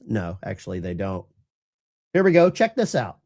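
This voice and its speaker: A man's voice: fairly high pitch, huge pitch swings, moderate pace. A man hosting a live stream of political commentary, talking to his chat viewers in a sarcastic, rambling way with many restarts. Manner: addresses chat viewers directly. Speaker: political commentary livestream host.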